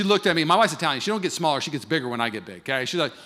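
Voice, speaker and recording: A man's voice: mid-range voice, animated, racing, few pauses, pushed and bright. A man in his thirties preaching a sermon, telling a marriage story and acting out both sides of it. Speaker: pastor. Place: large church hall. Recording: long hall reverb.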